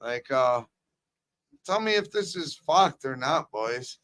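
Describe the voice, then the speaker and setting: A man's voice: mid-range voice, lively intonation, slow, fairly bright tone. A man co-hosting a live sports betting stream, joking and swearing freely.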